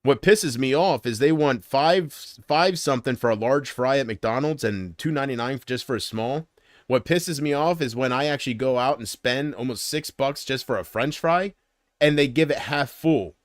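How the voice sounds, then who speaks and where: A man chatting casually on a livestream, rambling and griping. He swings from loud complaints to muttered asides and trails off mid-sentence. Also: medium pitch, moderate pace, dry recording, studio quality.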